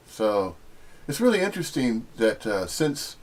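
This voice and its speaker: A middle-aged American man muses on spirituality in a loose, rambling monologue. His voice is low and a little husky, and his pitch swings widely as he teases and jumps into sudden high emphasis. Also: very animated, moderate pace. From United States. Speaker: spiritual talk host.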